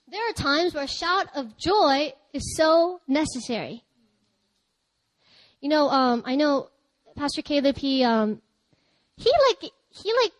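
High-voiced woman pastor preaching with dry closeness. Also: no room sound, low-quality recording. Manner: lively, chatty preaching with laughter and loud cries. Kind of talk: sermon.

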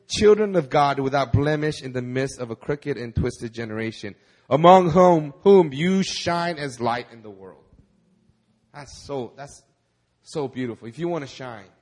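A man preaching to a congregation with a slightly raised pitch. He is animated, swings from loud to quiet, and repeats words as he presses his point. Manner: animated, acts out quoted voices, repeats words when stressing. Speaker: pastor. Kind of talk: sermon. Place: church service.

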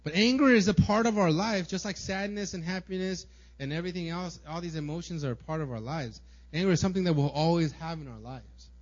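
A young man with a slightly raised pitch delivers a sermon to his church in a casual, conversational way, leaning on fillers and asking "right?" again and again. The recording is muffled and lo-fi. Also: brisk. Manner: casual, filler-heavy preaching with many "right?" and "like". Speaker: pastor.

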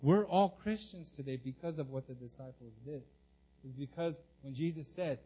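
A male pastor preaching an animated sermon, acting out the people in the story and often repeating and restarting his words. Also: medium pitch, normal speed, muffled recording, slight background noise.

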